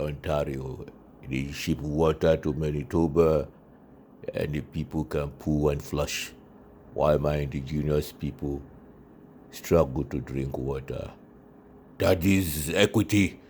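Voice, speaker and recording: A man's voice: a bass voice, a little mellow, slight background noise. A man who is a comedian, giving a mocking, satirical comedy monologue. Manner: mocking, jumps into exaggerated character voices.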